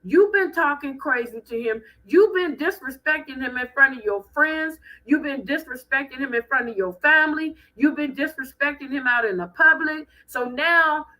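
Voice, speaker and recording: A woman hosting a live stream, giving blunt, animated commentary with speech. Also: sits high, normal speed, few pauses, low-quality recording. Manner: animated, blunt, preachy ranting.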